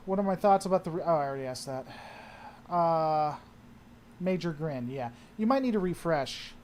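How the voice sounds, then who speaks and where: A man's voice: on the high side, lively intonation, moderate pace, a little hiss or hum. A man hosting a casual livestream, answering chat and often trailing off and restarting his sentences.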